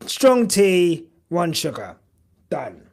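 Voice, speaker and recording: Young bloke rambling on a live stream, slow and gravelly, swears a lot. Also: male voice, sits high, big pitch swings, a little mellow. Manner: rambling, lots of filler words, swears casually. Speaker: podcast host streaming live. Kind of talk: casual live-stream chat with viewers.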